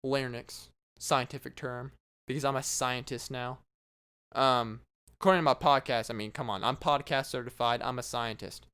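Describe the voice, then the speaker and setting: A man's voice: mid-range voice, steady tone, normal speed, bright, forceful tone, smooth. A man hosting his own casual podcast, talking alone in a sarcastic, rambling and mocking way. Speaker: podcast host. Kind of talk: casual solo podcast monologue.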